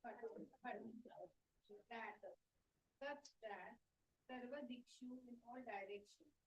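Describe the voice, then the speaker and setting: A woman reading a scripture translation aloud in a class, slowly and carefully, word by word. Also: fairly high pitch, rough recording. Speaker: scripture reader.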